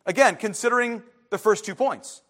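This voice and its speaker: A male pastor delivers a sermon in a high, light voice. He preaches emphatically and swings from loud, insistent outbursts to quiet, hushed asides. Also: moderate pace.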